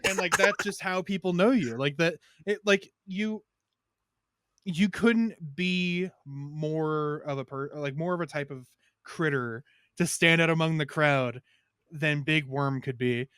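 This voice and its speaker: A man rambles through a crude story on a podcast. His voice is smooth and clean, recorded dry and close. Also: a little high, unhurried, no room sound. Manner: rambling storyteller, loud shouted impressions. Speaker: podcast co-host. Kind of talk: casual crude chat.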